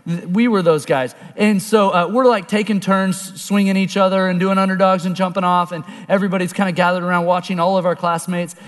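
Male storyteller-preacher, high tenor, lively story voices that turn hushed for the serious part, long hall reverb. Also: brisk, hardly any pauses. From Oklahoma. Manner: animated storyteller, acts out voices, drops low and quiet for serious points. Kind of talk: storytelling sermon.

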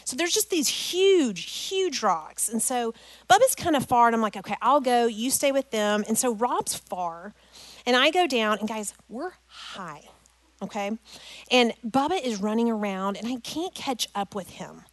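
Animated middle-aged woman telling a faith story. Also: fairly high pitch, unhurried, dry recording. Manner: emotional, animated storytelling, addresses listeners as "guys". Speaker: speaker addressing a parents' group. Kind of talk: personal storytelling talk with scripture.

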